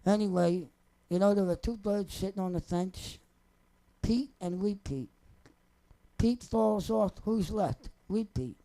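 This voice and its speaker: A man's voice: sits high, a little slow, gravelly, warm tone, poor audio. Wry rambling man. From New Jersey. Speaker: singer telling personal stories. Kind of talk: casual off-the-cuff storytelling.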